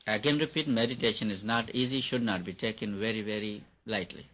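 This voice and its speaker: A spiritual teacher with a lowish, fairly bright voice gives an earnest meditation lecture at a fairly quick clip. He repeats himself emphatically and laughs at his own points, captured on a dull lo-fi recording.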